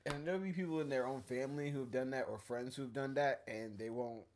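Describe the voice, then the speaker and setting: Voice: mid-range voice, fast, a little mellow, slight background noise. A podcast co-host in casual chat, loose and storytelling, laughing often.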